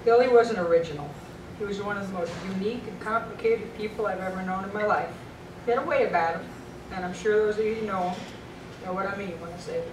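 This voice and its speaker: A woman's voice: medium pitch, quick pace. Middle-aged woman telling stories in an echoey hall. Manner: storytelling, laughing often. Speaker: speaker honoring a late friend; women's pool tour board member. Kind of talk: memorial speech with anecdotes. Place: banquet hall at a dinner. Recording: echoey distant hall recording with background noise.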